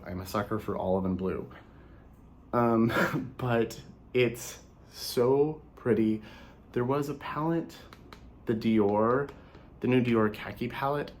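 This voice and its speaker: Chatty, slightly hoarse man, low voice. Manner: chatty and rambling, with frequent likes. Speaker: makeup vlogger. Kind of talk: casual product review vlog.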